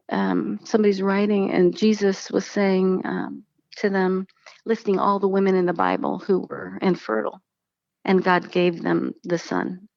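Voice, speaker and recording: A woman, likely in her thirties, shares a personal story in a casual conversation, animatedly acting out the voices of the people she quotes. Her voice is medium-pitched with vocal fry, and the recording has no echo but loses its high frequencies.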